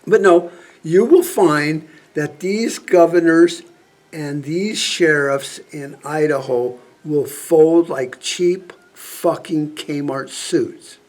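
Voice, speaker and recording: A man's voice: fairly high pitch, slow, darkish tone. A man vlogging a profane political rant, angry and sarcastic, swearing constantly. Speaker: prepper vlogger.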